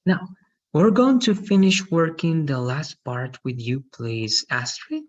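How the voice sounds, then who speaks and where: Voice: mid-range voice, slow pace, dull audio. An English teacher running an online lesson, patiently correcting students' pronunciation. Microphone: video call.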